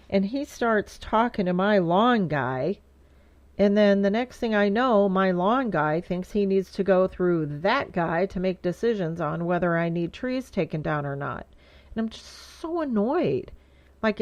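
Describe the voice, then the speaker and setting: A woman's voice: medium pitch, no room sound, lo-fi sound. Exasperated woman venting on her show. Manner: exasperated, emphatic, rambling. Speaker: show host. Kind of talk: casual venting monologue.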